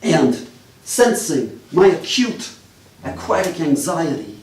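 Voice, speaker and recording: A man doing live character comedy as a detective, with deadpan mock-official patter aimed at the audience. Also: a little high, takes it slowly. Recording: echoey live room, distant mic, faint noise.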